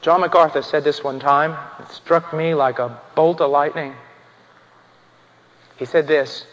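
A man preaching an impassioned sermon, swinging from hushed, solemn passages to ringing, shouted emphasis. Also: fairly high pitch, fairly even intonation, a little slow, long pauses. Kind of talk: fiery sermon. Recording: dull sound in a reverberant church hall.

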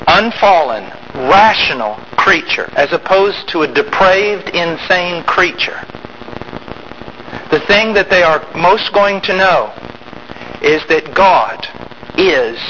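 Male preacher, sermon, high bright voice, loud bursts and quiet asides, slightly dull recording, faint hiss. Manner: emphatic, swings between loud rising outbursts and low quiet asides.

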